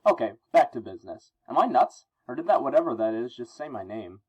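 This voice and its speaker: A man's voice: mid-range voice, very animated, fairly quick, husky, lo-fi sound. Spider-Man, wisecracking teen hero, as a man reads him. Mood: frantic. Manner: jokey, frantic, self-mocking. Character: young male masked superhero, wisecracking teen.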